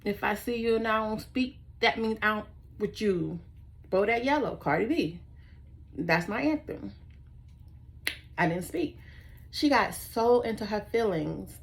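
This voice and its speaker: Sassy rambling woman with a gravelly voice. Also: mid-range voice. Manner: rambling, sassy, easily sidetracked. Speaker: vlogger. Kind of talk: casual storytelling to camera.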